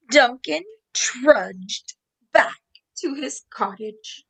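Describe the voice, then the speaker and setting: A woman reading a picture book aloud to young children, animated and exclamatory, gasping and asking them questions. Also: sits high, very slow, low-quality recording. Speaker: storyteller for children.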